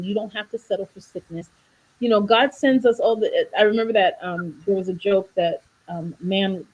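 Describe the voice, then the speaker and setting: This woman's mid-range voice is slightly rough, and the sound is lo-fi. A wellness coach on a video call, she delivers a faith-based livestream talk about faith and health, preaching a bit and animatedly acting out voices when she tells stories and jokes.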